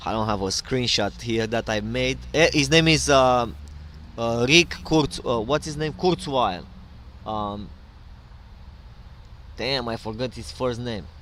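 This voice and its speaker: A man's voice: medium pitch, slow pace, pauses often, fairly bright tone, slight background noise. A middle-aged man hosting his own podcast in a loose, rambling solo monologue full of fillers and digressions. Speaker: podcast host.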